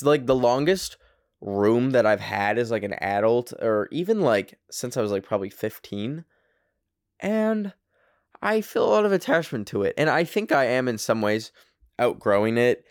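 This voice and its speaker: Smooth-voiced young man rambling casually. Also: mid-range voice, sing-song, normal speed, dry recording, studio quality. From Canada. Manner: rambling, profane, heavy on fillers. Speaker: podcast host. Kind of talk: casual monologue. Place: small apartment bedroom.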